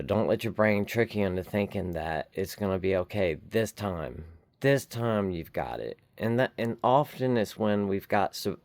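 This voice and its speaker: Brief: low-voiced man, sober-living vlogger, dry close sound, earnest and slow, shivering outdoors. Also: darkish tone, no room sound. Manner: earnest, slow, repetitive encouragement. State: shivering from cold. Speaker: recovery vlogger. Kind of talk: heartfelt motivational talk to camera. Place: outdoors in the cold.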